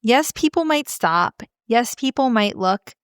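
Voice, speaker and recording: Earnest woman parenting coach, smooth voice. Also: fairly high pitch, a little slow, no room sound, studio quality. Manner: earnest, animated, many "like" fillers. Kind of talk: podcast interview storytelling.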